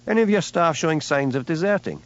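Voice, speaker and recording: A man playing a lazy, easygoing village policeman with a Scottish Highland accent, mild and unhurried. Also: lively intonation, muffled recording, natural voice. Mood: easy.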